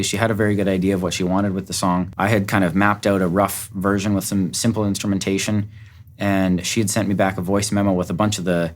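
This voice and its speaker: A man's voice: sits low, slight background noise. A man, a music producer, giving an upbeat, enthusiastic walkthrough of how a song was produced. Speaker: music producer and recording engineer. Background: faint music from the track.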